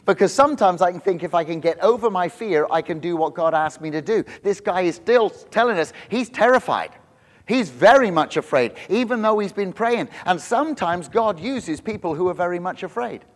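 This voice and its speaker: A middle-aged male pastor preaching a sermon in church, telling the story with lively acted-out quotes and frequent restarts. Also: high voice, normal speed. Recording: long hall reverb.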